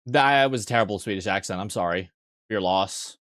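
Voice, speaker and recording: A young man chatting casually on a live stream, answering chat with quick asides, restarts and frequent swearing. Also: on the low side, fairly bright tone, no echo, studio quality.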